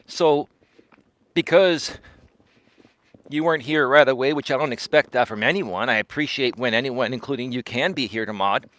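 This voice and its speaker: A man's voice: medium pitch, moderate pace, fairly bright tone. A man hosting a casual live-stream monologue while walking, speaking with emphasis, repeating words and tagging lines with "right?". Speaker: life coach and live-stream host.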